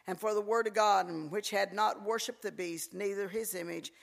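A man preaching a sermon, telling folksy stories in an animated, preacherly manner. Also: high-pitched, moderate pace, gravelly. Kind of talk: sermon with storytelling.

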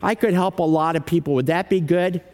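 A man acting out a remorseful young man who quietly pleads with a pastor, speaking haltingly. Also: on the high side, voice pushed down, natural voice. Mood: remorseful pleading. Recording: long hall reverb.

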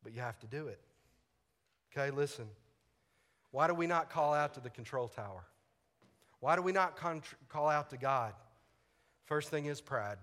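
Male pastor, fairly high bright voice, lively storyteller, big reverberant hall. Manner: animated storyteller, acts out radio dialogue, laughs often. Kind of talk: sermon with personal story.

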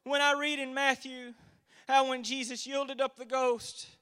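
Preacher, man, 40s: high, bright, ringing voice; homespun stories building to fervent emphasis. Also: level tone, a little slow, clean tone. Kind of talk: sermon.

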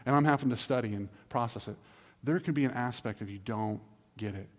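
A man preaches from the pulpit in a sanctuary, his voice carrying a long echo through the hall. He pleads and reasons in a loose, conversational way, slipping into quick acted asides. His pitch sits in a plain middle range. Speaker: pastor. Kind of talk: sermon. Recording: reverberant hall.

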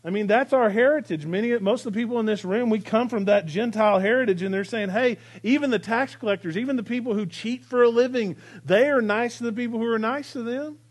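A male pastor preaching a sermon in a church, swinging between emphatic lines and soft, hushed repetitions. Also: very high-pitched, fast, few pauses. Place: church sanctuary.

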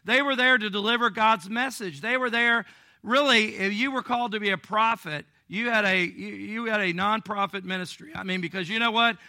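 A man preaching a sermon as a pastor, in a conversational way with humorous asides, swinging between emphatic and quiet delivery. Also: high-pitched, brisk, dry recording, studio quality. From Illinois.

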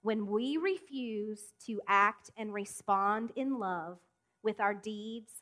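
A woman's voice: medium pitch, bright, forceful tone. Emphatic woman preaching a sermon. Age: adult. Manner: emphatic, with deliberate pauses and rising appeals.

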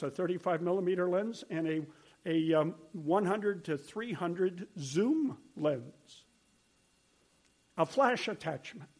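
A man's voice: high-pitched, a little mellow. An older man preaching a sermon, telling stories in an earnest, conversational way. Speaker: pastor.

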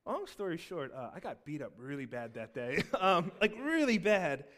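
A man preaching a Christmas sermon, telling a personal story and swinging between loud emphatic peaks and soft, low asides. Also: big pitch swings, normal speed. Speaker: pastor.

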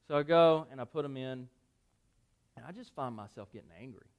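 A man preaching a sermon, telling a personal story conversationally, with self-deprecating asides and lively acted-out dialogue. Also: mid-range voice, fairly quick, lo-fi sound. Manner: animated, acts out dialogue in shifting voices. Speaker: pastor.

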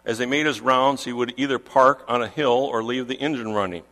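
A man's voice: mid-range voice, steady tone, fairly quick, bright, forceful tone, in a large hall. A man preaching a sermon, pressing his points with emphatic repetition. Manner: emphatic, repeats key phrases for stress.

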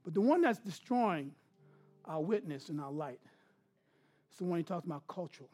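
A man preaching a sermon as pastor, dropping to hushed asides and then building to loud, emphatic bursts. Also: on the high side, expressive, moderate pace, soft background music.

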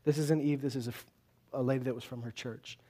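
Speaking at a medium pitch, a male pastor delivers an animated, conversational sermon to a congregation, peppering it with quick asides.

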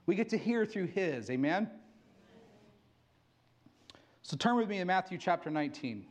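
An animated middle-aged man preaching a sermon in a fairly high voice. His pitch swings widely as he gets excited and acts out little exchanges. The delivery is casual and energetic. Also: a little fast. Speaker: pastor.

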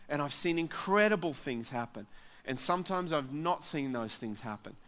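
A man's voice: a little high, lively intonation, normal speed, a bit bright. A man, a pastor preaching earnestly and interviewing a church member. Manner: earnest, encouraging. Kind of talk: sermon with interview.

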